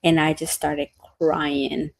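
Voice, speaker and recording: A woman's voice: sits low, level tone, slow pace, vocal fry, dry recording. A woman in her thirties co-hosting a podcast, telling earnest parenting stories in casual chat. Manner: earnest, storytelling, acts out quotes. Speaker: podcast co-host.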